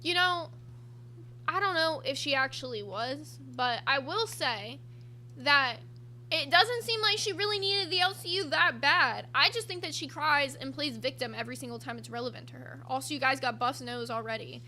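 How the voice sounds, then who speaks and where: A woman's voice: high-pitched, lively intonation, moderate pace, bright, forceful tone, a little hiss or hum. A woman hosting a livestream, reading super chats and giving blunt, profane commentary. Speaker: streamer host.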